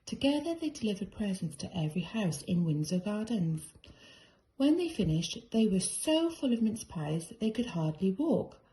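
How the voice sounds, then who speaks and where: A woman reading a children's storybook aloud with a soft, mellow tone. Her reading is brisk and expressive. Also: medium pitch, poor audio. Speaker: reader.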